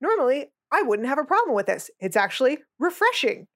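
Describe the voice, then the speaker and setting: A woman's voice: high-pitched, sing-song, fairly quick. A woman co-hosting a podcast in casual chat, outspoken and blunt in her opinions. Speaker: podcast co-host.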